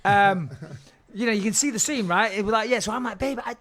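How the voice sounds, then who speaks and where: A man guesting on a podcast, telling a comic story in an animated way, swearing freely and acting out quotes. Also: high-pitched, brisk.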